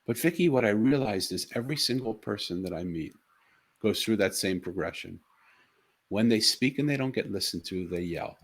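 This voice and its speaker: Low-voiced middle-aged man telling a story. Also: normal speed. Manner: earnest, animated storyteller with frequent restarts. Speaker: talk show co-host. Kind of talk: casual chat, storytelling.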